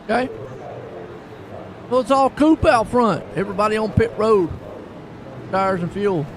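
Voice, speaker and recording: A man's voice: high-pitched, animated, unhurried, background noise. A man doing laid-back play-by-play commentary for an online sim race, chatty and chuckling between calls.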